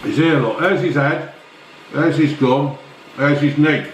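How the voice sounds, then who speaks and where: This vlogger, a middle-aged man, speaks a little high at a measured pace, with a little hiss or hum on a recording from an echoey room. He casually rants through newspaper stories, blunt and full of swearing.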